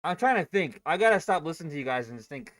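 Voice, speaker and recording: A man's voice: fairly high pitch, very animated, fast, a bit bright, no echo. A man hosting a day-trading livestream, chatting casually, joking and swearing. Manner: joking, loose and profane.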